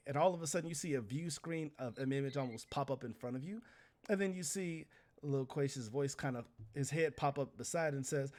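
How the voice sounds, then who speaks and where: A man's voice: mid-range voice, a little fast, darkish tone. A man running a tabletop role-playing game as game master, narrating scenes in a loose, conversational way.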